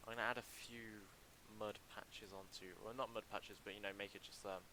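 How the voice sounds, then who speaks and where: A young man casually commenting on a livestream while building a game level, talking in a halting, chatty way with many ums and restarts into a desk mic. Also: on the low side, level tone, poor audio.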